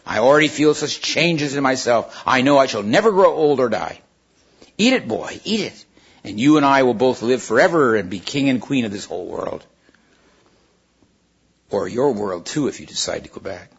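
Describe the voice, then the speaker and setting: A man reading a storybook aloud, voicing a proud female witch who coaxes and tempts in a husky voice. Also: mid-range voice, expressive, normal speed. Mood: coaxing. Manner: coaxing, wheedling persuasion. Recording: dull lo-fi recording.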